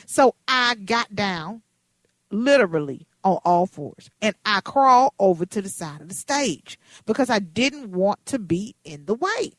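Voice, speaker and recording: A radio host in her fifties tells a story with big swings of pitch and a playful, dramatic delivery. Her voice is middle-pitched and sounds dry and close to the mic. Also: lively intonation, measured pace, dry recording. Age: 50s.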